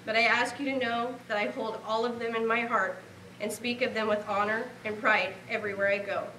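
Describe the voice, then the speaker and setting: A woman's voice: on the high side, flat delivery, a little fast, bright, forceful tone, recorded from a distance, a little hiss or hum. Earnest woman in an echoey hall. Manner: heartfelt, earnest, speaking of a lost relative. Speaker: award recipient giving acceptance speech. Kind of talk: emotional acceptance speech.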